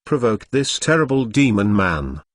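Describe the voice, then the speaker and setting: A man's voice: on the low side, big pitch swings, moderate pace, dry recording. A man's synthetic voice reading the lines of a furious middle-aged father in a web novel, punctuation read aloud. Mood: angry. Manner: reads punctuation marks aloud.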